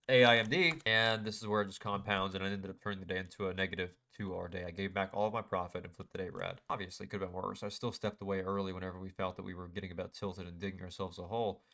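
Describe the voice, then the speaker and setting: Walking through a chart on a screen-share, a young day trader talks in a low-ish, bright, forceful voice, casually reviewing his day and frustrated with himself over the errors he made.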